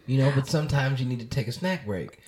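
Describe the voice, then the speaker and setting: A man's voice: medium pitch, animated, fast talker, a little mellow. A man hosting a podcast in casual chat, loose and joking, who often murmurs along while his guest talks. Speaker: podcast host.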